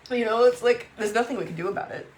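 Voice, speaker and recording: A woman talking to camera in a raw, emotional vlog, upset and swearing, with halting restarts. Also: on the high side, a little hiss or hum. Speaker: vlogger.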